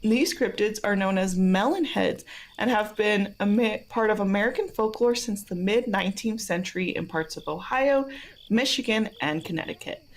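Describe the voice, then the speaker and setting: A woman's voice: mid-range voice, normal speed. A woman co-hosting a podcast in casual chat, laughing often between her phrases. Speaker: podcast co-host.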